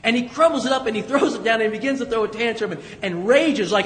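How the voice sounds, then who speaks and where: A man with a high voice preaches a sermon, talking to the congregation like a friend and pushing his voice up for emphasis. He is heard from a distance in a large echoing church, with a long reverb tail behind every phrase. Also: quick pace, hardly any pauses, fairly bright tone, a little hiss or hum. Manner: conversational preaching with emphatic rises and asides. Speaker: pastor.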